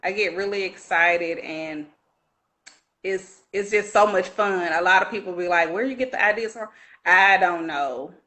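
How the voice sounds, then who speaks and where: A woman from Alabama, an author guest telling lively stories in a casual interview. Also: lowish voice, moderate pace. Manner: animated storyteller, laughing often.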